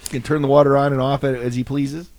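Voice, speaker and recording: A man's voice: medium pitch, level tone, fast talker, a little mellow. Chatty joking radio host man. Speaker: radio morning show host. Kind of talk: casual radio banter.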